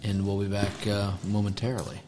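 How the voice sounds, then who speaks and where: A low-voiced man hosting a relaxed chat, steering the conversation along. The recording has a clear layer of noise under his voice. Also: brisk. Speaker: host. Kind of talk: casual chat.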